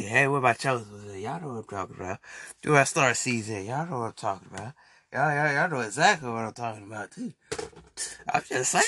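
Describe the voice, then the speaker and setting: A man's voice: on the high side, huge pitch swings, a little fast, sharp tone. A man ranting casually to his viewers, mocking people and laughing often, repeating himself. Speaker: vlogger. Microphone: desk mic.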